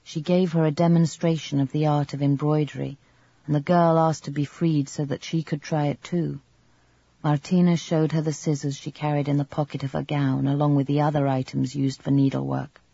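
A man reading a novel aloud in measured, even scripted narration. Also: fairly high pitch, creaky, slightly rough, dry recording. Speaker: audiobook narrator. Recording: dull lo-fi recording.

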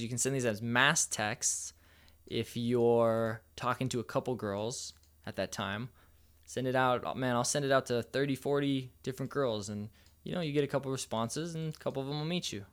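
Smooth-voiced playful male dating coach. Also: mid-range voice, fairly even intonation, normal speed, fairly bright tone. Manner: playful, a little cocky. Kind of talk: casual advice tutorial.

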